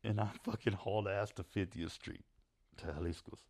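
Brief: low, gravelly guy, casual and foul-mouthed, spinning a long yarn. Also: fairly even intonation, moderate pace, darkish tone. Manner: rambling, swearing, laughing at his own story. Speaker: storyteller. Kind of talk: profane casual storytelling.

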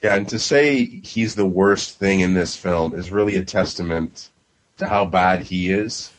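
A man with a very low voice talks casually as a podcast co-host. He is blunt and swears freely, with an exasperated edge as he tears into a film. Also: measured pace, low-quality recording. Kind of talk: casual movie review chat.

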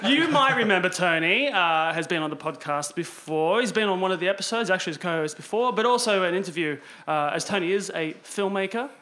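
A man's voice: high voice, lively intonation, a little fast, hardly any pauses, bright, forceful tone. A man hosting a podcast, chatting casually at a dinner table, laughing often and restarting his sentences. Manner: laughing, enthusiastic, talks in restarts. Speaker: podcast host. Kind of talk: casual chat.

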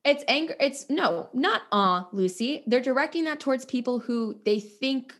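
A woman's voice: high-pitched, animated, normal speed. A young woman co-hosting a casual chat, blunt and outspoken, swearing freely and telling stories with acted-out quotes. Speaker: podcast co-host.

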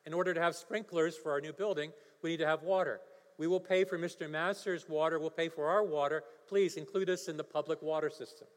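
A man's voice: a little high, fairly even intonation, fairly quick. A male pastor preaching a sermon, telling a story and building to emphatic preaching. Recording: long hall reverb.

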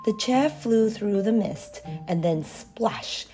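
A woman reading a children's storybook aloud, expressive and measured. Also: mid-range voice, music in the background.

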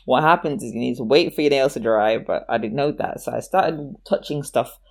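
A woman chatting casually, telling a childhood story. She slips into the voices of the people in her tale and often breaks into laughter. Her delivery is lively and expressive. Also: very deep voice, a little fast.

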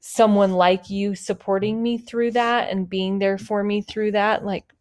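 A woman co-hosts a casual podcast with her husband, speaking earnestly, openly and heartfelt, with lots of "like." Her mid-range voice is clear, resonant and darkish, with fairly even intonation and an unhurried pace.

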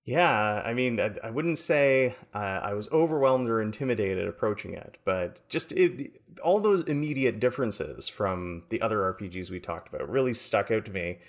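A man co-hosting a podcast, speaking in a measured, thoughtful way with small hesitations. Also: lowish voice, expressive. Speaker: podcast co-host. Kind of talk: casual podcast interview.

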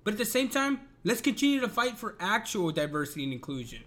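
Male, very high voice, animated swings in pitch; casual, profane, exasperated rant. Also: quick pace. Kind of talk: casual ranting commentary.

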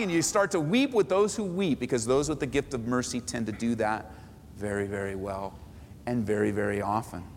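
A man's voice: high voice, big-room sound. A man pastor teaching a Bible study sermon in a church sanctuary, earnest, repeating phrases and stretching out key words.

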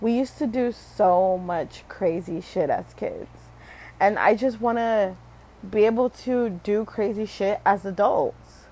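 This young Michigan, USA vlogger talks slowly and expressively in a warm, medium-pitched voice, rambling to camera with plenty of fillers and self-corrections. She swears and laughs at herself, and the audio is poor.

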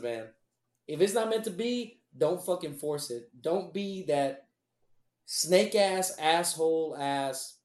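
A man's voice: sits high, reverberant. A man co-hosting a casual podcast, joking and swearing as he tells stories and gives advice. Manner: profane, joking, animated storytelling. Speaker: podcast co-host.

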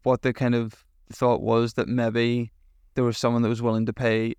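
A man's voice: mid-range voice, completely flat delivery, normal speed, a little mellow, clean tone, no echo. A young man, telling stories in a rambling way with lots of fillers and swearing as a podcast co-host. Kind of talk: casual chat.

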